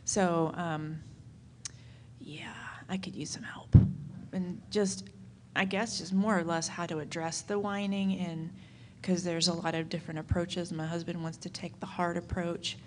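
A woman's voice: lowish voice, level tone, moderate pace, hardly any pauses, background noise. Hesitant mother asking from the audience. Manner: hesitant, searching for words.

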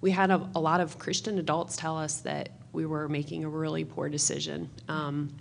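A woman's voice: deep voice, little pitch movement, moderate pace, gravelly, a little hiss or hum. A woman in the audience, a mother, earnestly telling a story about her family with many fillers. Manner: earnest, many fillers, mimics children's voices.

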